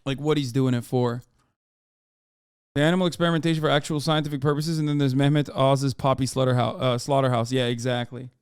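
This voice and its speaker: A man's voice: medium pitch, fairly even intonation, fairly quick, clean tone, no echo, clean studio sound. A man hosting a stream, chatting casually and joking with many fillers. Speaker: streamer and host. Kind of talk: casual chat reacting on stream.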